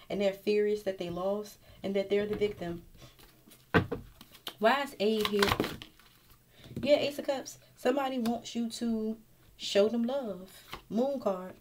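A woman's voice: mid-range voice, a little hiss or hum. A woman reading tarot cards straight to the viewer in a casual, blunt and profane way. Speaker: tarot reader.

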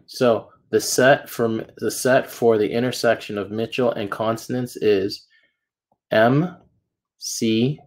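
Speaking at a medium pitch in a steady tone, this man takes his time as he walks a class through a math lesson. He moves patiently step by step, pausing to ask "okay?" and "right?"

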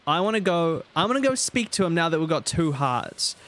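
A man streaming a game, rambling in animated casual commentary and talking to his chat. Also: a little high, fairly quick, dry recording.

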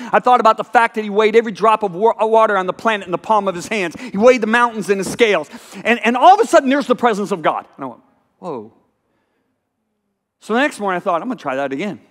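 High-voiced preacher in a reverberant chapel. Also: male voice, fast. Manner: storytelling, dramatic hushed asides and sudden loud exclamations. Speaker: pastor. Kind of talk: sermon. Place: college chapel.

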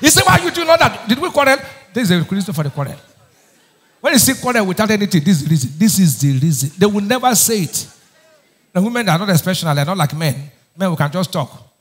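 A high-pitched, animated man talks fast as he preaches to his congregation as pastor. Questions keep coming back at the listeners for them to answer, and his emphatic delivery often swells into a raised voice.

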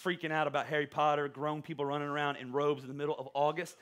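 Bright, high-voiced animated pastor. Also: male voice, fast, clean tone. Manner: animated, joking preacher with stammering restarts. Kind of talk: sermon. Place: church auditorium.

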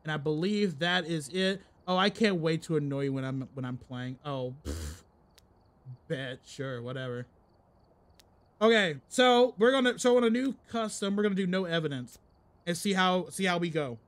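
A man's voice: a little high, expressive, moderate pace. A man live-streaming a game, chatting casually and joking while he plays. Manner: chatty and joking, breaks into song. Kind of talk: casual live gameplay chat.

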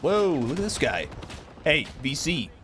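A man's voice: fairly high pitch, big pitch swings, a little slow, fairly bright tone, a little hiss or hum. A man giving live commentary over his own gameplay, exclaiming and swearing as the action unfolds. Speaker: gaming video host.

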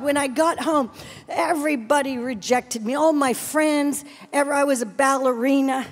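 A middle-aged woman preaching a sermon with personal testimony, animated and playful, dropping to hushed tones between exclamations. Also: high voice, normal speed. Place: large event hall, live audience.

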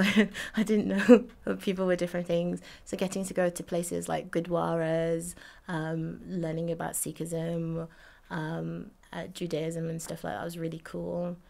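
Young woman, from Jamaica, chatty interview, fillers and laughs, low pitch. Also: level tone, normal speed, creaky, a little mellow. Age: 20s. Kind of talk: casual recollection.

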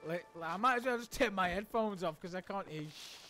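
Excited high-voiced male game streamer. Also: fairly quick. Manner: excited, overwhelmed, thanking viewers between laughs. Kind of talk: live gameplay stream talk. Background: loud game music and gunfire.

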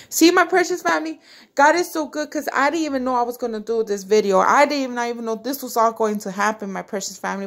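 A woman giving an impassioned, prayerful devotional talk to her online followers, repeating her phrases and tenderly calling them precious family. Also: on the high side. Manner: fervent, repetitive, prayerful. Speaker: online faith vlogger.

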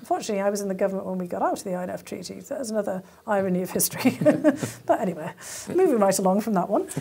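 A woman in her fifties from England, telling animated stories as an interview guest, laughing often and using many fillers. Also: mid-range voice, rapid-fire, gravelly, husky. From County Durham, northern England. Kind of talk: conversational interview storytelling.

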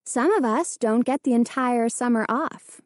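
Woman playing a brisk, scolding mother. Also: fairly high pitch, no echo, studio quality, close to an everyday voice. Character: busy mother, stern but caring.

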